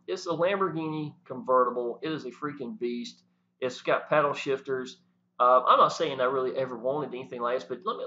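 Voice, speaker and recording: A man talking to the camera, animated and preachy, often saying "y'all". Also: medium pitch. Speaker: network marketing promoter. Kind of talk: casual talk to camera. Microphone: camera mic. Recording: dull lo-fi sound.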